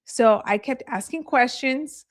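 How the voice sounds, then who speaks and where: A woman's voice: high-pitched, a little slow. A woman real estate agent giving a live training, telling candid stories in a chatty way and laughing easily.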